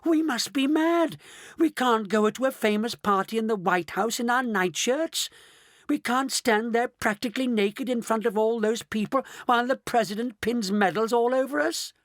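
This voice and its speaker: A man voicing an excitable, dramatic old grandmother with a shrill voice, in a storybook reading. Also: normal speed, few pauses, no room sound, clean studio sound. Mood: panicked.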